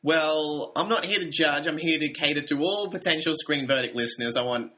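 A man co-hosting a casual film podcast, talking in a thoughtful, measured way with slight hesitations. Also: on the high side, pushed and bright. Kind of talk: casual film review chat.

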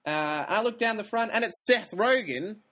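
A man's voice: high-pitched, animated, normal speed, fairly bright tone. Man co-hosting a film podcast, dry teasing. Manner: dry teasing, laughs often. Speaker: podcast co-host. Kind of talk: casual chat.

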